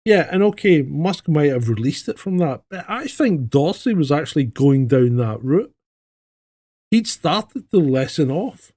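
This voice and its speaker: A man's voice: a little high, unhurried. A man co-hosting a casual podcast, swearing freely and telling stories with animation. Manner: profane, animated storyteller. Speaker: podcast co-host.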